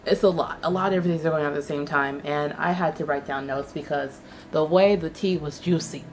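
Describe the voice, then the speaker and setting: A young woman hosting a casual online chat show, sassy and profane, telling a story with animated swings in her voice. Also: low voice, brisk, slight background noise. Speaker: YouTube host.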